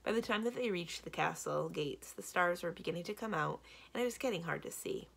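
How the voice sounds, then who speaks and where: A woman librarian reads a children's novel aloud in a steady storytelling manner. Her voice is low and gravelly with a slightly husky edge. Her pitch moves a lot, rising and falling as she tells the story. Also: fairly quick. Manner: steady storytelling, varied delivery. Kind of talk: children's book read-aloud narration.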